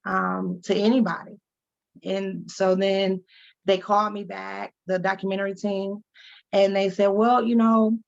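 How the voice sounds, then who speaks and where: A woman's voice: medium pitch, creaky. A woman advocate, a guest from Detroit, telling her story candidly in an interview and acting out the voices she quotes. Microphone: video call. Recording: dull lo-fi video call audio.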